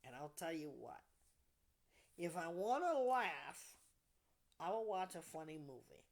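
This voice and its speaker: A woman hosting a support group session, speaking softly and deliberately, often trailing off into near whispers. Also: on the low side, very animated. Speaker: podcast host leading a support group. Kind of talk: reflective talk to a group.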